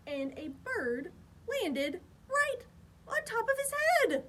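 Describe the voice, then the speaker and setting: A woman's voice: sits high, sing-song, slow pace, a bit bright, a little hiss or hum. A woman, a children's librarian, reading a picture book aloud at storytime in a sing-song voice made big for young listeners.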